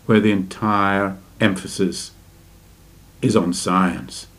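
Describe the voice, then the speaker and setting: A man giving a slow, deliberate spiritual lecture and asking his listeners rhetorical questions. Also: low voice, steady tone, fairly bright tone. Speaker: religious teacher.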